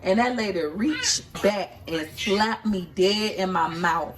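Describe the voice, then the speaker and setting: A woman's voice: medium pitch, slow, background noise. Chatty mother vlogging in her kitchen. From Tampa, Florida. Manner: chatty, talkative, teasing. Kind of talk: casual home vlog. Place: home kitchen. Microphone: handheld phone camera.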